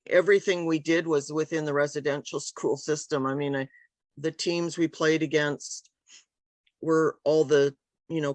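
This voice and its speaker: Over a video call, an author is interviewed casually, and she rambles hesitantly with plenty of ums and restarts. Her voice sits low, and there's no echo.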